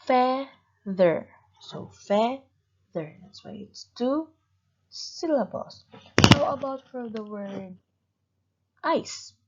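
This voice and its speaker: A woman teaching a young class, speaking slowly and patiently and stretching out words as she models them. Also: mid-range voice, a little mellow, dull audio. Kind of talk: recorded grade-school lesson.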